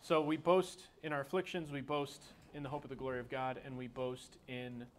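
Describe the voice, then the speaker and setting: A man leading a group Bible study, teaching in a relaxed, folksy way with everyday analogies. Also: medium pitch, brisk, slight background noise. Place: group room with a recording.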